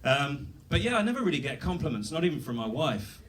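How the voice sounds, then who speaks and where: A man's voice: fairly high pitch, big pitch swings, quick pace, fairly bright tone, recorded from a distance, slight background noise. British stand-up man, rambling delivery. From Britain. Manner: self-deprecating, rambling with fillers and restarts. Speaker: stand-up comedian. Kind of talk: stand-up set. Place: comedy club stage.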